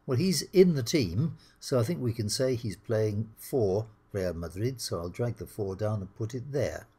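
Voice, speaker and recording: A middle-aged British man with a husky voice, teaching English slowly and clearly over slides. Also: fairly low pitch, animated, warm tone. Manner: slow, clear teaching delivery, acts out the dialogue lines.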